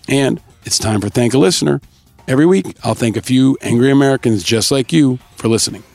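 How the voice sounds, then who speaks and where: A man hosting a podcast, upbeat as he reads out shout-outs and thanks to listeners in a casual scripted way. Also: mid-range voice, brisk, gravelly, no echo, soft background music. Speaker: podcast host.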